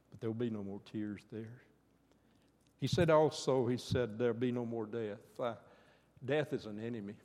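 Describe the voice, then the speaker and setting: Older man, earnest sermon, average pitch, long hall reverb. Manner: earnest, rising to fervent pleas then dropping soft. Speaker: preacher.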